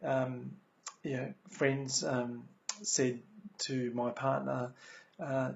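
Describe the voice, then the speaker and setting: A man's voice: medium pitch, level tone, drawn-out words, creaky, darkish tone. An Australian man giving a motivational talk about lessons from his recovery, earnest, repeating key phrases, with many ums. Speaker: speaker sharing recovery lessons. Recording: dull lo-fi recording.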